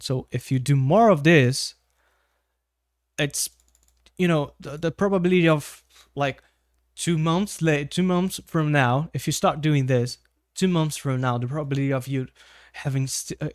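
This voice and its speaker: A man's voice: medium pitch, no echo, clean studio sound. Brazilian-accented man teaching English casually. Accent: Brazilian Portuguese. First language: Portuguese. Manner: conversational, frequent tag questions. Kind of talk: casual video-call style lesson.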